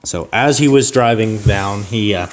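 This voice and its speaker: A man improvising a comic story on a podcast, rambling with fillers and restarts, and jumping to a shrill falsetto for old ladies. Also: unhurried, a little hiss or hum. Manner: rambling, with fillers and self-corrections. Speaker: podcast co-host.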